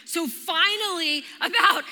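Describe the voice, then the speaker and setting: Woman in her thirties, lively storytelling preacher, piercing high tone, echoing church hall. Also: measured pace. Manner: animated, storytelling with vivid exclamations. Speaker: church speaker. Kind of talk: sermon. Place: church hall during a live service. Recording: reverberant live church hall.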